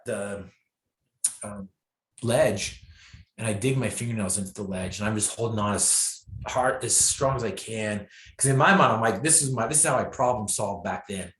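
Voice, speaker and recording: A man, a guest speaker, telling a personal story in an interview with self-deprecating humor, acting out the lines of the people in it. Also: normal speed. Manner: animated storyteller, acts out his own and others' lines with bursts of pitch and volume. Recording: echoey room.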